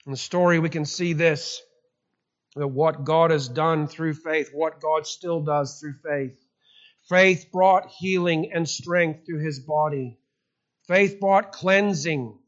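Male preacher, high pitch, storytelling sermon with repeated emphasis, muffled lo-fi recording. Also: slow.

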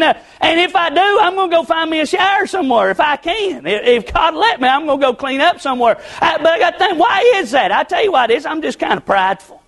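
Middle-aged preacher man, unusually high-pitched, impassioned, hushed-to-shouting delivery. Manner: impassioned, swings between shouting and hushed pleading. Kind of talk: sermon.

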